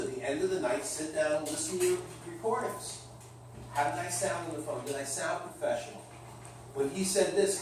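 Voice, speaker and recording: A middle-aged man giving a sales training lecture to a class, coaching in an animated way. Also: on the high side, noisy background. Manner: animated coaching, demonstrates with his voice. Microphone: distant room mic. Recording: echoey room recorded from far off.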